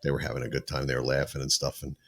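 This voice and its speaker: A man's voice: a bass voice, monotone, rapid-fire, a bit bright. A man co-hosting a podcast, telling travel stories in casual chat and laughing often. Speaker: podcast co-host.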